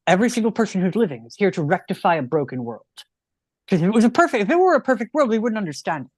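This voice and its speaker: A man's voice: sits high, big pitch swings, very fast, no room sound. A man in his thirties from the United States, a rabbi explaining ideas in an earnest, conversational way. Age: 30s. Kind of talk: teaching in a casual chat.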